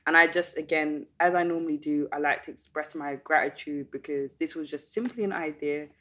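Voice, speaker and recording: A woman's voice: low-pitched, a little fast, fairly bright tone. A woman hosting a podcast, chatting casually and playfully with slang, thanking her guest and her listeners. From Caribbean heritage. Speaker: podcast host.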